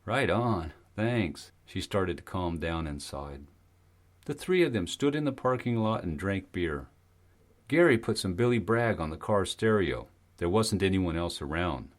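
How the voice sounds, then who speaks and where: Low-voiced man narrating an audiobook. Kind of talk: scripted narration.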